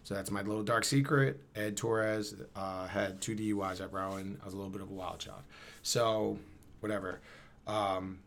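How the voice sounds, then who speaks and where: Slangy New man, lowish voice. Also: normal speed. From Camden, New Jersey. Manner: animated, slangy, acts out dialogue. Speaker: guest. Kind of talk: casual storytelling.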